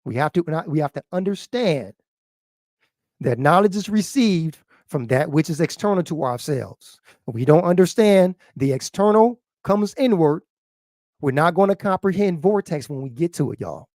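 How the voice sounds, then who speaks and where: A man teaching in a sermon style, reading passages aloud and explaining them, who keeps asking "what?" and "huh?" and repeats phrases, swinging from loud to quiet. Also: fairly high pitch, animated, normal speed, dry recording, clean studio sound.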